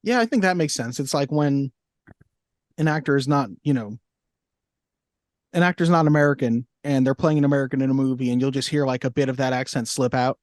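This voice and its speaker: A man's voice: mid-range voice, brisk, a little mellow, no room sound. Joking man podcast co-host, dry sound. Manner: joking, breaks into impressions. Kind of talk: casual chat.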